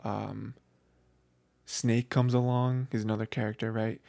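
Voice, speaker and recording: A man hosting a podcast, recapping anime episodes in a rambling, excitable way full of filler phrases. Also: lowish voice, a little slow, creaky, no echo. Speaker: podcast host.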